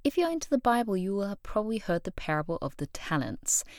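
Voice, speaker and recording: A woman's voice: mid-range voice, big pitch swings, fast, no room sound, studio quality. A woman hosting a solo motivational podcast, telling stories expressively and acting out the voices of people she quotes. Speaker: podcast host.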